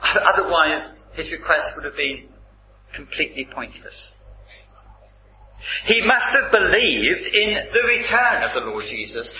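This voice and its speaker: Slow, roomy-sounding male preacher. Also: on the high side, sing-song, slight background noise. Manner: measured, emphatic Bible teaching. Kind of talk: sermon. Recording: roomy, slightly dull recording.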